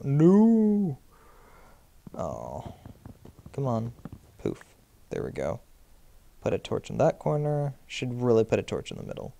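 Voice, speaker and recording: Jumpy, animated young man playing a game. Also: lowish voice, vocal fry, a little hiss or hum. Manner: jittery and self-mocking, yelps and pleads at monsters. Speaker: Minecraft let's player. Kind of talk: game commentary.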